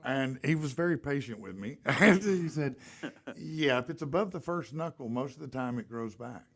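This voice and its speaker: A man tells a story in a relaxed, animated, drawling way. His voice sits at an everyday middle pitch. He talks the way a podcast host does, chatty and sure of himself. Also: normal speed. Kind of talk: casual storytelling and live ad read.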